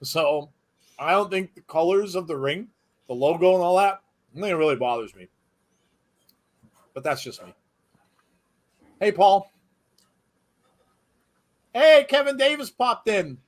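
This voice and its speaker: A slightly high-voiced man hosts a live watch-along stream. He chats loosely and cracks jokes, riffing on viewer comments as they come in. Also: very animated, unhurried, long pauses. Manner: chatty, jokey, reads viewer comments aloud.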